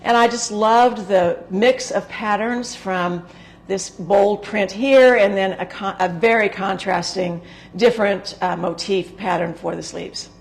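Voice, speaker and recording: Female sewing host, hoarse and gravelly today, chatty and rambling, mid-pitched. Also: steady tone, measured pace. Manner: chatty, rambling, with frequent filler words. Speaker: sewing instructor and show host. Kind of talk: casual talk to camera.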